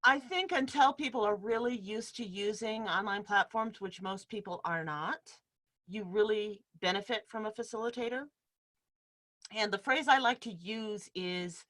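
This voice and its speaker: Workshop leader, woman, bright voice, explains by demonstrating, laughs easily, heard over a video call. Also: medium pitch, moderate pace. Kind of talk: teaching a live online workshop. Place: home room in front of a bed sheet.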